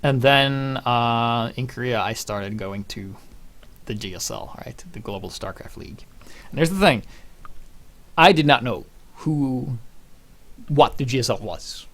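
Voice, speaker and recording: Young male vlogger, rambling, animated, swears freely. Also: mid-range voice, a little slow, pauses often. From Norway. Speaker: channel host. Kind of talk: casual personal storytelling.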